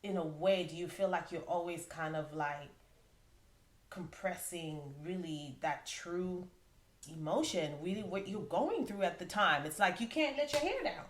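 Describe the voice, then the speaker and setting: A woman's voice: fairly low pitch, expressive, unhurried, a little hiss or hum. A woman hosting a podcast, asking a guest inquisitive and encouraging questions in a casual tone. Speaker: podcast host. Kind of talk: casual interview. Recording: echoey room.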